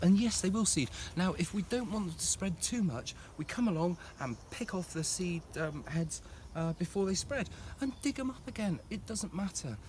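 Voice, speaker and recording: A man's voice: sits high, background noise. A man giving a passionate, emotional walking tour of his plant nursery, talking to camera outdoors.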